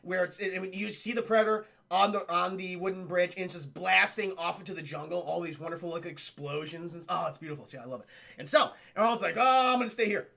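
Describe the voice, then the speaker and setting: A man streaming a casual film recap, animated and profane, often talking to his chat. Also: sits high, fast, vocal fry.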